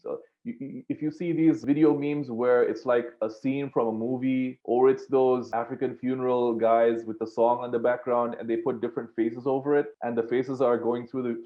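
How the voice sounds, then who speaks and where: Guy doing a screen share course, rambly and casual, tinny phone sound. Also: mid-range voice. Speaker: course instructor.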